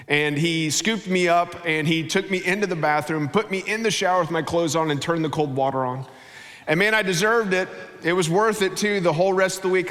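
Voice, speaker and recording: Middle-aged preacher, funny animated stories, kinda high voice, reverb from the big church hall. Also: male voice. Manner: humorous, animated storytelling. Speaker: guest pastor. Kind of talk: sermon with storytelling. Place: large church auditorium.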